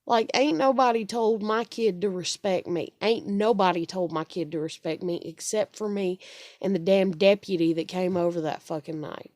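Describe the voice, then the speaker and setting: A woman's voice: mid-range voice, moderate pace, a little mellow, dry recording, studio quality. Furious, swearing woman venting. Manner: swearing, repetitive, exasperated. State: upset and stressed. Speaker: single parent venting. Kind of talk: angry personal rant to camera.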